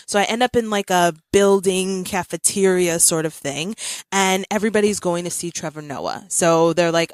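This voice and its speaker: A woman in her thirties hosting a podcast in casual chat, telling a story with animated energy and frequent laughter. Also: medium pitch, moderate pace, no echo, studio quality. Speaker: podcast host.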